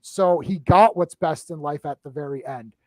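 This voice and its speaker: High-voiced man eagerly breaking down a film. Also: dry recording. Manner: animated, excited retelling of scenes; talks in quick bursts with frequent restarts and "right?" tags. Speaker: movie discussion panelist. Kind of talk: casual live-stream film chat.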